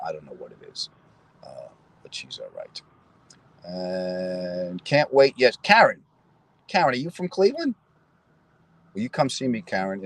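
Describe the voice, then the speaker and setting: Lively middle-aged comedian chatting outdoors. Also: male voice, low-pitched, breathy edge, rough recording. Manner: animated storyteller, chatty asides to viewers. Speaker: comedian host. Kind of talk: casual chat with viewers. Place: outdoors in a city square.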